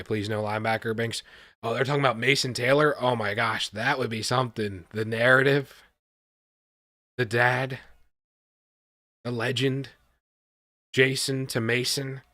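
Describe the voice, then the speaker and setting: A man hosting a live stream, reacting with excitement and talking to his chat, often repeating himself. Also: mid-range voice, unhurried, pauses often, dry recording, clean studio sound. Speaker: livestream host reacting to a draft.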